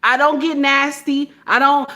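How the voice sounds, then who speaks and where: High-voiced blunt woman ranting. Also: a little slow. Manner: blunt, animated, acts out phone calls in different voices; repeats points with "okay?" tags. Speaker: social media commentator. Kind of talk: casual monologue to camera.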